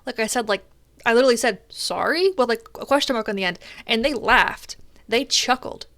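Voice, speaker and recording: A young woman streamer chatting casually while gaming, telling a story in an animated way and swearing often. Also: on the high side, a little fast, no room sound.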